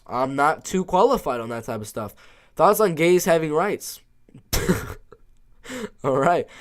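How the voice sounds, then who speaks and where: A man's voice: a little high, lively intonation, measured pace, pauses often. A man running a casual live stream, reading chat questions aloud and answering in a laid-back, offhand way.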